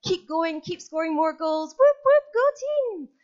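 Woman playing a hockey coach, male, cheering, shouty, high-pitched, muffled lo-fi sound. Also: big pitch swings, measured pace, heavily acted. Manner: whooping, shouty pep talk.

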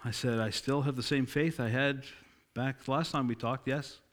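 A man's voice: medium pitch, steady tone, moderate pace. Man preaching a sermon. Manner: storytelling, acting out quoted dialogue, emphatic.

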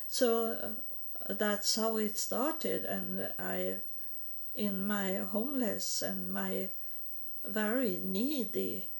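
Slow, gravelly woman. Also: medium pitch. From Sweden. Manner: halting, repeats words, broken grammar. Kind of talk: personal religious testimony.

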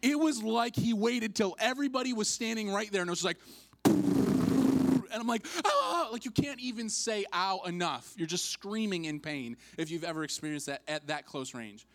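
Animated storytelling male pastor. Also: high-pitched, brisk, hardly any pauses, a little hiss or hum. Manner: animated storyteller, acts out quotes, self-mocking humor. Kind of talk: sermon with a humorous personal story.

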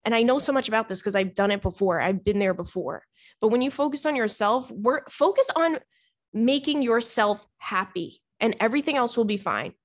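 Higher-voiced woman host, casual chat, blunt and sweary, acts out the convo. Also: moderate pace. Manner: candid, blunt, swears freely, laughs often; animated storytelling, acts out friend's lines. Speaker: podcast host giving dating advice.

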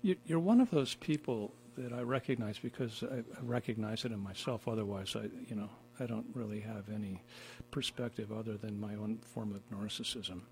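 A man hosting a casual conversation, playful and laughing a lot, talking in halting phrases. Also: on the low side, darkish tone, slight background noise. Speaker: host.

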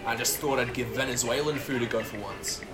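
An actor with an Irish accent playing a loud, teasing male restaurant owner in a comedy sketch, laughing and mocking. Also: medium pitch, fairly quick, a crowd in the background, close to an everyday voice. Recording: roomy echo.

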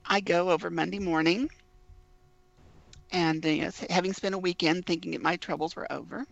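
Woman, gravelly voice, anecdotal storyteller, dull lo-fi dry recording. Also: fairly low pitch, fairly even intonation, a little fast, dry recording. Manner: anecdotal, acts out quoted dialogue. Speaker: interview guest, author. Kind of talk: casual storytelling interview.

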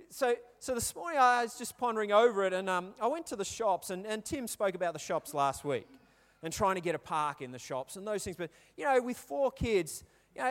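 This Australian pastor, in his thirties, delivers a talkative, story-filled sermon and keeps quizzing his listeners. His voice is high with a fairly bright tone, and the hall around him is reverberant.

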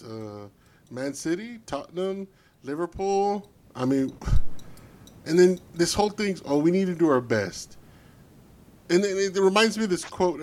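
A man co-hosting a casual football podcast, ranting bluntly and swearing freely about his team. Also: a little high. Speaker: podcast co-host.

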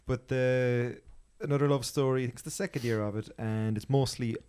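A man's voice: medium pitch, steady tone, fairly quick, warm tone, clear, resonant tone. An Irish man chatting casually on a podcast, enthusiastically reviewing a festival with many restarts. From Ireland.

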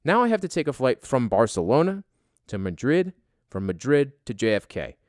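A man's voice: mid-range voice, sing-song, moderate pace, darkish tone, no room sound, clean studio sound. A young man telling a story as a casual, exasperated rant, swearing heavily.

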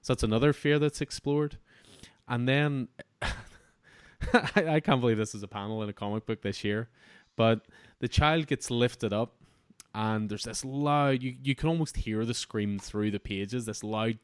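A man's voice: on the low side, a little slow, clear, resonant tone, no echo, clean studio sound. A man hosting a comic book podcast, talking through an issue in an enthusiastic, rambling way with frequent restarts. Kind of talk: casual review chat.

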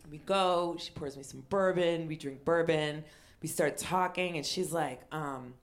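Middle aged lady comic telling a story on a podcast, low-ish voice, acts out the quotes big. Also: a little slow. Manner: animated, acts out quotes with shouted exclamations. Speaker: comedian and storyteller. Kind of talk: comedic storytelling chat.

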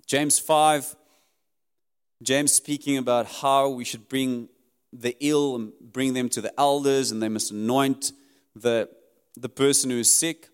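A man preaching a sermon in an earnest, emphatic way, his voice rising high and dropping low as he drives his points home. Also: clean tone. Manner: earnest, emphatic preaching that rises and drops sharply. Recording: long hall reverb.

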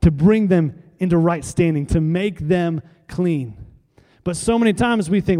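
A man's voice: high voice, measured pace, warm tone, long reverb tail. A man pastor preaching a sermon, with emphatic repetition and call-and-response to the congregation.

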